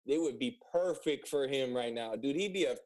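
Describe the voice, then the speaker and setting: A man's voice: mid-range voice, moderate pace. A man hosting a casual chat, easygoing and asking his guest for stories. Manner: relaxed, laughs along, asks for stories.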